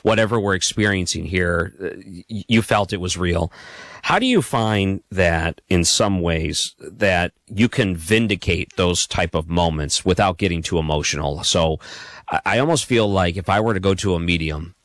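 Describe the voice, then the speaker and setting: A man with a very deep, low voice hosts a late-night radio interview. He asks long, earnest questions that wander a little before landing. The sound is dry and close, with no room around it. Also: moderate pace, a bit bright, no echo. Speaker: radio show host.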